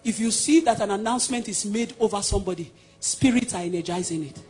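A man from Nigeria with a Nigerian accent preaching a sermon, emphatic and swinging between loud declarations and hushed passages. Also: high-pitched, fast talker, soft background music.

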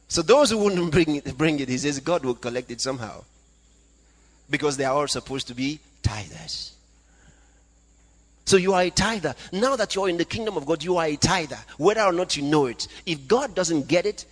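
A man preaching a sermon, reading scripture aloud and swinging between loud calls and hushed asides. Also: a little high, lively intonation, normal speed, long pauses. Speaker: pastor. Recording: long hall reverb.

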